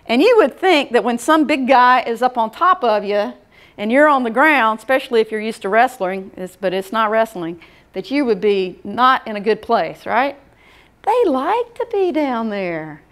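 A woman's voice: a little high, fairly bright tone. A middle-aged woman giving a casual workshop lecture, folksy and conversational, often checking in with the audience. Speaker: workshop presenter.

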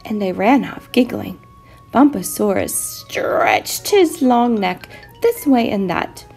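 A woman teacher reading a children's picture book aloud, expressive and animated. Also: mid-range voice, takes it slowly, gravelly, breathy edge, faint music behind.

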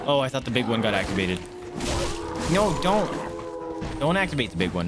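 A man's voice: medium pitch, normal speed, long pauses, over loud music. A man streaming a video game, chatting with viewers and yelping and swearing as he plays. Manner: excitable, yelps and swears at the game. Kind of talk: casual gameplay commentary.

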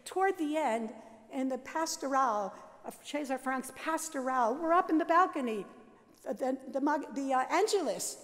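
An older Catholic sister telling her life story at a worship service, lively and self-mocking, laughing often. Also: sits high, moderate pace, big-room sound. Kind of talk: storytelling talk. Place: large seminary chapel.

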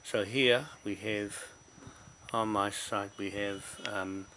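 A man's voice: lowish voice, steady tone, takes it slowly, background noise. Blunt, profane New man. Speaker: vlogger. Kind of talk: casual to-camera talk.

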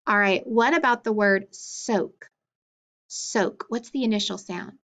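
Slow, patient woman teaching phonics. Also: mid-range voice, a bit bright. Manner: slow, clearly spelled-out letters and sounds, with frequent praise. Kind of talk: phonics lesson for children. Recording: dull lo-fi recording.

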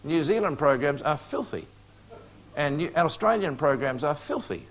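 A man's voice: on the high side, big pitch swings, normal speed. A man preaching a prophecy lecture to a live audience, coaxing responses with questions and joking asides.

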